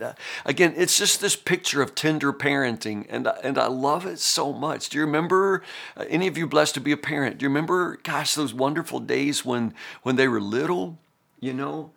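A man's voice: medium pitch, normal speed, vocal fry, a bit bright. A middle-aged man teaching the Bible as a pastor, earnest and full of restarts and fillers. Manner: earnest, repeats words, many fillers.

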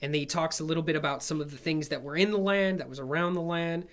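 A man's voice: a little high, fairly even intonation, fast, fairly bright tone. Man teaching a Bible study. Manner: explanatory, asks checking questions.

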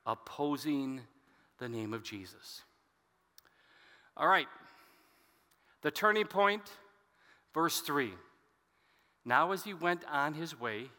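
A male pastor delivering an expository sermon, reading scripture and turning to the congregation with casual asides. His voice is bright and forceful, sitting a little high for a man. The sound carries a long reverb from a large hall.

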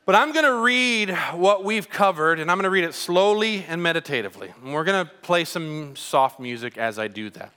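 A man's voice: sits high, expressive, a little fast, few pauses, clear, resonant tone. A pastor preaching a sermon, emphatic and putting questions to his congregation. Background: soft music.

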